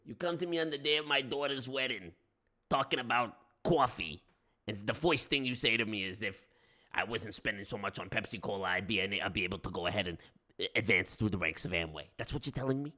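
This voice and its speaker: A man's voice: fairly low pitch, brisk, pushed and bright. A man voicing a brash, profane middle-aged New York mobster who blusters, swears and repeats himself, in a put-on New York accent. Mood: blustering.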